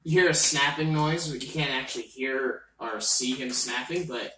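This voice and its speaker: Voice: mid-range voice, moderate pace, bright, forceful tone. A game master narrating a tabletop game in a playful, laughing manner, recorded in a roomy space from a distant mic with faint noise.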